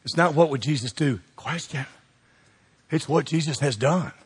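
Husky preacher, folksy and emphatic. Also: male voice, fairly high pitch, normal speed. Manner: folksy and emphatic, swings from hushed to shouting. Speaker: pastor. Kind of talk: sermon.

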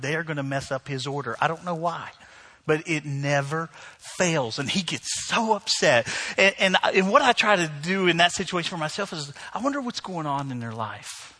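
A man's voice: a little high, sharp tone. A middle-aged man, preaching a sermon as pastor, telling self-deprecating stories and laughing often.

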